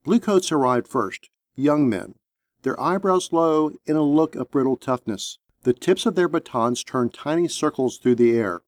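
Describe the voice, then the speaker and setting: A man narrating an action story in a steady, measured audiobook reading. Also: a little high, dry recording, clean studio sound.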